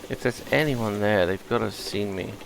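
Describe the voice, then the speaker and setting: A man's voice: on the low side, moderate pace, gravelly, noisy background. A British man giving chatty gameplay commentary, explaining game mechanics as he plays. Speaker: gameplay streamer.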